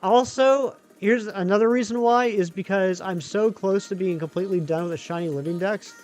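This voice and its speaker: A man live-streaming a video game, chatting excitably with his viewers. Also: sits high, brisk. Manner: chatty, excitable, talks to chat. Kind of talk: live gaming stream chat.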